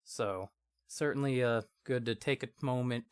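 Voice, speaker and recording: A man speaking as a guest in a casual chat, calm and measured in a reflective way. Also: mid-range voice, clear, resonant tone, dry recording.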